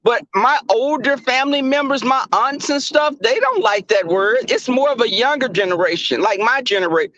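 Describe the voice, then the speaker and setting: High-voiced young man chatting profanely. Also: moderate pace, few pauses, lo-fi sound. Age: young adult. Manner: animated, profane, laughing, calls out chat viewers. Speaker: livestream host. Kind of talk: casual livestream chat with viewers.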